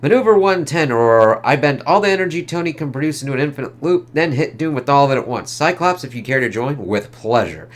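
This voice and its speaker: Commanding heroine scientist, brisk read by a man. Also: medium pitch, expressive, lightly acted.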